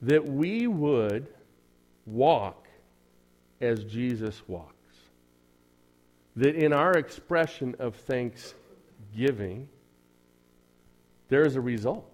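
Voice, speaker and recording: A man's voice: medium pitch, expressive, drawn-out words, pauses often. A man preaching a Sunday sermon in a church, conversational and joking, with dry sarcasm and frequent rhetorical questions to the congregation. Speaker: pastor.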